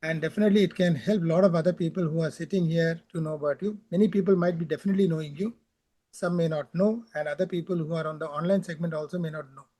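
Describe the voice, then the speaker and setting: A man's voice: a little high, steady tone, fast talker, dark tone. A man opening an interview with a polite, formal and long-winded introduction of his guest.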